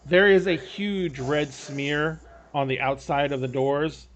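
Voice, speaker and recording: A man's voice: a little high, steady tone, slow, slight background noise. A man running a tabletop game as game master, describing scenes in a rambling way with frequent restarts.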